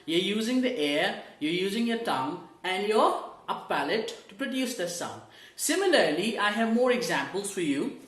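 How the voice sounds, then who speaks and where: Guiding learners through English pronunciation in an online class, a woman breaks things down step by step, uses rhetorical questions, and models sounds aloud to be repeated. Her mid-range voice is animated and normal in speed, heard in an echoey room.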